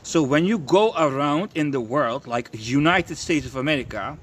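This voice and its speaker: Young guy ranting, lots of swearing and stammering, slightly high voice. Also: lively intonation, normal speed, fairly bright tone. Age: young adult. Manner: profane, stammering, repetitive. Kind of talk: ranting monologue.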